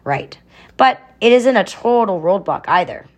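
A woman's voice: mid-range voice, animated, measured pace, darkish tone. A woman voicing an upbeat, resourceful young girl in a storybook reading, confident and breezy.

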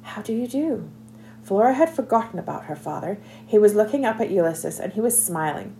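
A woman narrating a children's novel aloud in an expressive, scripted reading. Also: medium pitch, fairly quick, slight background noise. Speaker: audiobook narrator.

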